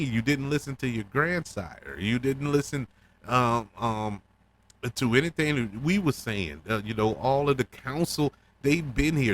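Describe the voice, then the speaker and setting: A man's voice: fairly low pitch, a bit bright. A man hosting a casual podcast review of a TV episode, chatty and loose, laughing often and full of fillers and repeated words. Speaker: podcast host.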